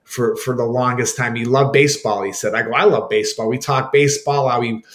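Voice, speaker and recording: Halting man recalling an old teammate. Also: medium pitch, fairly even intonation. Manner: halting, repeats words, acts out quoted exchanges. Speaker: guest, former hockey player. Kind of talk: reminiscing in an interview.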